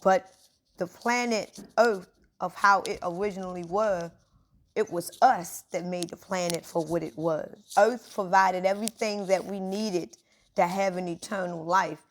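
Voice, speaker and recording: A woman's voice: medium pitch, fairly bright tone, slight background noise. A woman giving a casual spiritual talk, informal and emphatic, speaking straight to her listeners.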